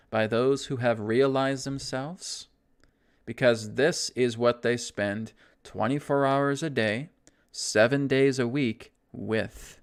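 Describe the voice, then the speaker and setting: A man teaching a spiritual self-help lesson, guiding breathing in a slow, soothing way and often checking in with "right?". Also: medium pitch, clean tone. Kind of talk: guided self-help talk.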